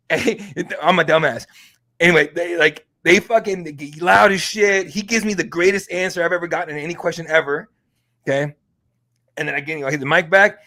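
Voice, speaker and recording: A man hosting an MMA podcast, telling a story in a casual, excitable and profane way. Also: on the high side, moderate pace. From Mexican heritage. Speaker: MMA podcast host and reporter.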